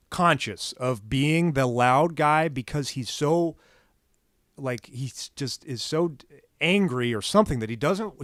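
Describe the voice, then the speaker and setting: A man's voice: a little high, dry recording, clean studio sound. A man co-hosting a podcast, chatting casually and acting out the people in his stories. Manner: animated storyteller, acts out quotes loudly. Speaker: podcast co-host. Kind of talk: casual chat.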